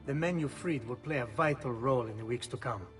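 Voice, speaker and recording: A businesslike male thief lieutenant from a video game cutscene, as a man voices him, laying out a plan in an instructive, matter-of-fact way. His voice sits at an ordinary middle pitch, with faint music playing underneath. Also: fairly quick, lightly acted. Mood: briefing. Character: male Venetian thief lieutenant, brisk planner.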